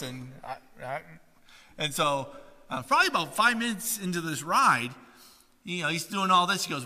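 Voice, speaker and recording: Man, pastor, sermon, animated storyteller, high voice, bright tone, long church-hall reverb. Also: fairly quick.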